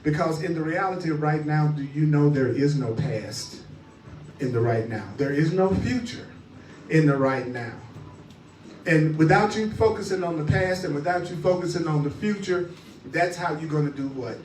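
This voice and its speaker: A man's voice: on the high side, normal speed, darkish tone, reverberant, distant mic, slight background noise, low-quality recording. A man teaching spirituality in a rhythmic, repetitive, call-and-response cadence.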